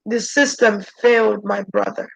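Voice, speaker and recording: A woman's voice: steady tone, a little slow, vocal fry, rough recording. A woman speaking as a channeler in an intense, preachy spirit-channeling monologue. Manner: intense, preachy, shifting pitch.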